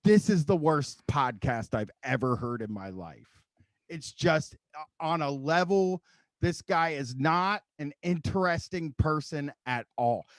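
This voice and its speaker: A man's voice: a little high, lively intonation, measured pace, dry recording. Rambling, profane man hosting a podcast. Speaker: podcast host. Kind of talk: casual chat.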